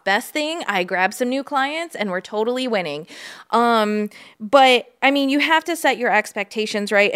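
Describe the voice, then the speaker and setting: A woman co-hosting a podcast in loose, chatty talk, with a smooth and clear voice. She runs on in quick asides with lively energy. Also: fairly high pitch. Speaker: podcast co-host, real estate agent. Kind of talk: casual chat.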